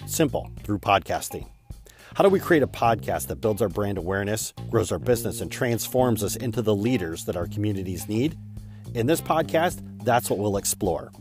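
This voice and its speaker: A man hosting his own podcast, telling a casual, self-deprecating story with lively retelling and many restarts. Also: fairly low pitch, moderate pace, faint music behind. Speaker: podcast host.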